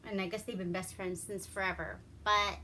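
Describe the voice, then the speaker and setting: A woman's voice: mid-range voice, flat delivery, moderate pace, bright, forceful tone, a little hiss or hum. A woman from Alaska giving a rambling, profane, wry movie review in casual chat.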